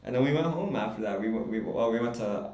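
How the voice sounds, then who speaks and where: A man's voice: lowish voice, expressive, quick pace, a little mellow. A young man chatting as a podcast co-host, rambling through a story with laughs and restarts. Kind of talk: casual chat. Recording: roomy echo.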